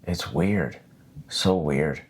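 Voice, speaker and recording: A man hosting his own podcast, ranting in a profane, rambling, animated way. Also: rumbling low, drawn-out words. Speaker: podcast host. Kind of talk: solo casual podcast rant.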